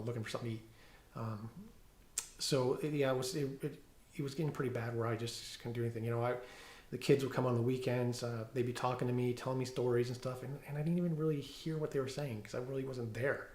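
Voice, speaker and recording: A middle-aged police officer giving a personal testimony at home, talking haltingly with many fillers and restarts. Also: male voice, mid-range voice, steady tone, darkish tone, echoey room. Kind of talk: personal testimony, reading from notes. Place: room at home.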